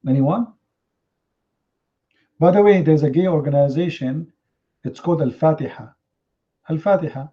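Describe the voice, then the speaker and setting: Male debate host, fairly high voice, combative and sarcastic, non-native English, slightly muffled stream audio. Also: normal speed, long pauses. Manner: confrontational, mocking, rhetorical questions. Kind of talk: heated live online debate.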